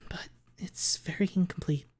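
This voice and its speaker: A man voicing a pained, bitter teenage girl on the witness stand in whispered role-play, speaking quietly with a trembling, measured manner. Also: lightly acted. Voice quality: breathy whisper.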